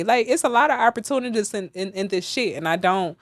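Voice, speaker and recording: A woman's voice: mid-range voice, expressive, brisk, no room sound. A woman, a podcast guest talking bluntly and profanely in a candid studio interview, getting heated as she goes.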